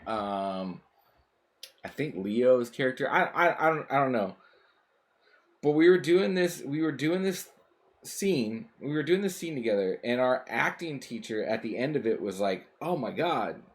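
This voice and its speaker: Rambling, swearing male game streamer. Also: medium pitch. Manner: rambling and swearing, with many fillers and restarts. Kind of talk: casual chat while gaming.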